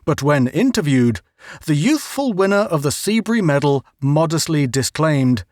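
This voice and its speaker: A male narrator reads a story in a measured, even way. His voice sits somewhat high for a man. The recording is dry and close, with no room around it. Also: no echo. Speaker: audiobook narrator. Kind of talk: scripted narration.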